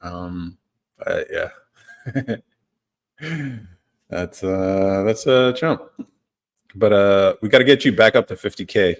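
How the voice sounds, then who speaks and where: This livestream host speaks slowly at a fairly low pitch and pauses often. Casual and laid-back, he reads viewer comments, frequently chuckles and tends to trail off.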